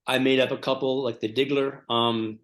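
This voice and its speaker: A man's voice: medium pitch, level tone, normal speed. Rambling male comedian piling up absurd details. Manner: rambling, lots of fillers, builds absurd details. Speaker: comedian co-host. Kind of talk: improvised comedy chat.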